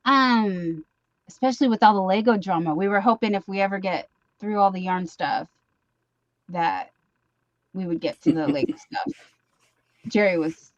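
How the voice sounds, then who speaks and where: Woman host, casual and rambling, mid pitch, dry dull mic. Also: normal speed, dry recording. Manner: chatty, rambling, reads chat comments aloud. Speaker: live stream host. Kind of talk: casual chat.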